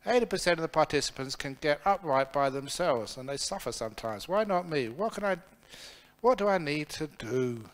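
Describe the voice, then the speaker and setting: Chuckling monk telling stories. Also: male voice, a little high, moderate pace. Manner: humorous, chuckling, animated storyteller. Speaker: Buddhist monk teacher. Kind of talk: dharma talk Q&A with storytelling.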